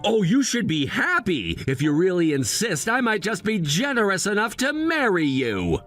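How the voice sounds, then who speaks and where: A man plays a snobbish young groom with a high, sharply swinging voice who sneers at everyone beneath him. His condescension is constant and he drips contempt, with faint music under him. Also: wildly swooping pitch, moderate pace, a bit bright, full character voice. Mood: condescending. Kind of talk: narrated drama voice acting.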